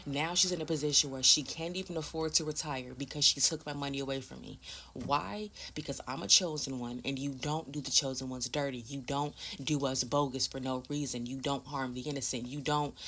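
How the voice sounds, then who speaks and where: A woman's voice: very deep voice, normal speed, a bit bright. A woman vlogger telling a personal story in a casual, blunt and emphatic way, swearing freely.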